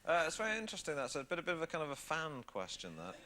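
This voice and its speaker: A man's voice: fairly high pitch, sing-song, racing, sharp tone. A man appearing as a guest on a television chat show, telling anecdotes in a dry, self-mocking way and often laughing. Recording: noisy 1990s TV studio recording. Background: studio audience laughter.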